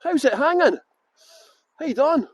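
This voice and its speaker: A man's voice: extremely high pitch, animated, takes it slowly, no room sound, lo-fi sound. A Scottish man guiding a live-streamed walking tour outdoors in a garden, greeting viewers by name with jokey, self-mocking banter. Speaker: tour guide.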